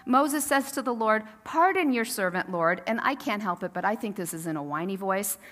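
A woman's voice: mid-range voice, lively intonation, fairly quick, a bit bright. A woman pastor preaching a sermon in a casual, storytelling way, acting out the quotes. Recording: long reverb of a church sanctuary.

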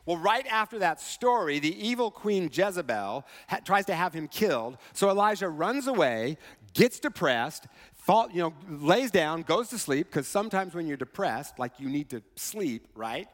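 Animated male pastor in a reverberant hall. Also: sits high, moderate pace. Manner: conversational, keeps asking "right?". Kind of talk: sermon.

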